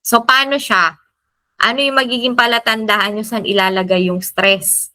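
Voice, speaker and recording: A Filipino woman teaching a recorded lesson, explaining slowly and repeating key terms. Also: fairly high pitch, fairly even intonation, pushed and bright, dry recording. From Philippines. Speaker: Spanish teacher. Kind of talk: recorded lecture in Taglish.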